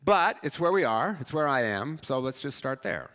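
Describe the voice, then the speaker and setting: A man preaching a sermon as pastor, talking in a conversational, animated and self-mocking way. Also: mid-range voice, moderate pace. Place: church sanctuary. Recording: church hall reverb.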